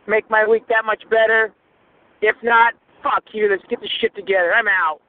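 A man's voice: high-pitched, fairly even intonation, moderate pace, slight background noise. Furious swearing man on a phone line. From Indio, California area. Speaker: caller. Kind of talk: angry voicemail rant. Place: in a car, driving.

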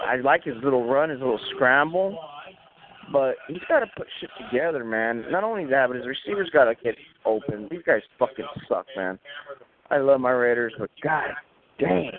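Cursing man over a tinny line, crowd behind. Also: medium pitch. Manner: cursing, frustrated rant.

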